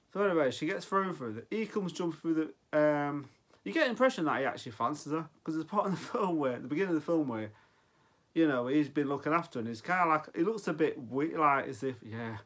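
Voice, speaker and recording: Rambling man, slightly high voice. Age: 40s. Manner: rambling, loses his thread and restarts often. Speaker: film reviewer. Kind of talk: casual unscripted film review.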